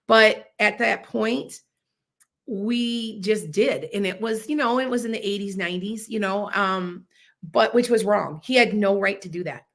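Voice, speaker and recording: A woman in her fifties talks through her podcast in an animated, emphatic monologue, often acting out what people should have said. Her voice is bright and forward, with a gravelly fry in it. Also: mid-range voice. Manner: animated, emphatic, acts out quoted dialogue. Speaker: podcast host.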